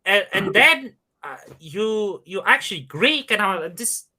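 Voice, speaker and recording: A man hosting a casual live-stream chat, talking in halting phrases with many restarts and fillers. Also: high-pitched, sing-song, bright, forceful tone. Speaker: host.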